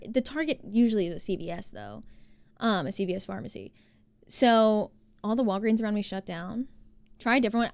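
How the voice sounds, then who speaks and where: A young woman rambles through a story for her live chat, animated and exasperated as she plays out each side of the exchange. Her voice sits a little on the high side, and the recording is dry and close, with no room sound. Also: no echo. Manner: animated, exasperated retelling with acted-out quotes. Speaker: streamer.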